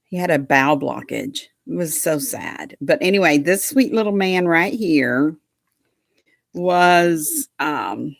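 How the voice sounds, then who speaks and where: A slow, unhurried woman chats to viewers from home, folksy and doting, with a lowish voice. Her talk drifts into baby talk with her dog, and the sound is close and dry. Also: animated, creaky, no echo. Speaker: livestream host chatting with viewers. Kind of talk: casual chat to a live audience.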